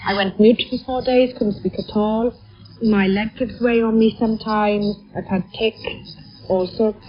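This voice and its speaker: A woman's voice: mid-range voice, fairly even intonation, a little slow. A woman from England speaking with a Welsh accent, heard with a heavy cold, talking candidly in a radio news interview. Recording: muffled shortwave radio broadcast.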